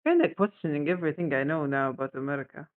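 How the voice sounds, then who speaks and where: A man's voice: on the high side, quick pace. A man chatting and joking in a casual group voice chat, laughing often and restarting his sentences. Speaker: voice chat participant. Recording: phone-like voice chat audio.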